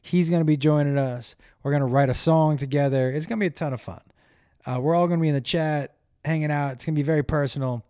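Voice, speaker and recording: A man hosting his own show, telling a rambling, animated story with plenty of swearing and acted-out voices. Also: a little high, fast, clean tone, dry recording, clean studio sound. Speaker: comedian podcast host. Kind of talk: casual rambling monologue.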